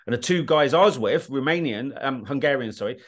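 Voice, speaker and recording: A British man, a guest on an interview podcast, telling war stories in a blunt, animated way, swearing freely and often checking that the listener follows. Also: mid-range voice, brisk. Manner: animated, blunt, swears, often asks "do you know what I mean". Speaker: guest, war documentary filmmaker. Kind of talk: casual interview storytelling.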